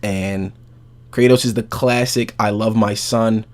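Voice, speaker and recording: A man hosting a podcast, recapping a game's story in a casual, profane, animated way. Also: lowish voice, a little slow. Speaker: podcast host.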